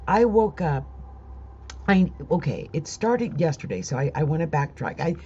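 A woman's voice: low-pitched, big pitch swings, moderate pace, darkish tone, breathy edge. A middle-aged woman, an astrologer, telling an upset, rambling story about money troubles and fighting back tears. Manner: upset, rambling, restarts sentences. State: near tears. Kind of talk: personal vlog monologue. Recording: dull lo-fi sound with faint music.

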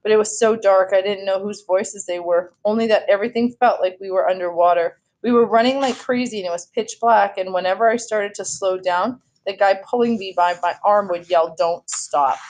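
A woman reading a children's novel aloud in a steady storytelling voice, now and then correcting herself. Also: mid-range voice, brisk, few pauses. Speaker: read-aloud host.

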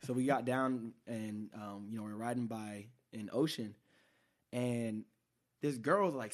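A man's voice: measured pace, a little mellow. A man co-hosting a podcast tells a story in a loose, laid-back way. His voice sits in a middle register, and he laughs between lines. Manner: storytelling, laughs often, low-key when narrating. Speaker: podcast co-host. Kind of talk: casual chat.

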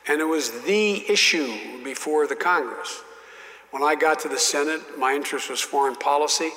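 A man's voice: on the high side, sharp tone, in a large hall, poor audio. An older man, a former politician, telling folksy, self-deprecating anecdotes as an interview guest.

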